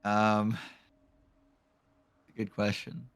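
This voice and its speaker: A man's voice: fairly low pitch, monotone, very slow, clean tone. A man co-casting an amateur esports league on a live stream, joking and telling teasing stories about friends. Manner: joking, tells teasing anecdotes. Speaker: esports co-caster. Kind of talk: casual live-stream banter.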